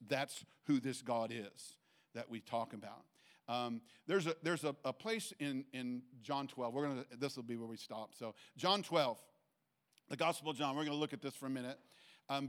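Halting preacher man with many restarts. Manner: rises in pitch and force when making a point. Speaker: pastor. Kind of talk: sermon. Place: church.

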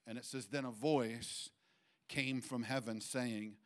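A man preaching a sermon to a church congregation, halting with fillers and restarts, his voice lifting higher and louder when he presses a point. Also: steady tone. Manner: rises in pitch and force when making a point. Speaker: pastor.

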